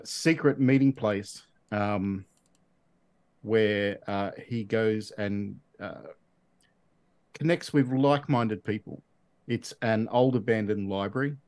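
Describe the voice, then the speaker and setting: A man's voice: on the low side, darkish tone, no echo. A man playing a tabletop role-playing game, hesitantly describing his character's plans with lots of ums and uhs. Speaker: player.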